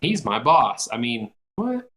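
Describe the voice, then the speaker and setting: A man's voice: mid-range voice, huge pitch swings, unhurried, fairly bright tone. A man co-hosting a casual podcast chat, blunt and opinionated, swearing freely. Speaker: podcast co-host.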